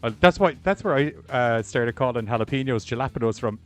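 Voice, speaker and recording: A man's voice: medium pitch, lively intonation, a little fast, soft background music. A man, co-hosting a podcast in casual chat. He tells stories with lots of energy, laughs often and swears freely. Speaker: podcast co-host.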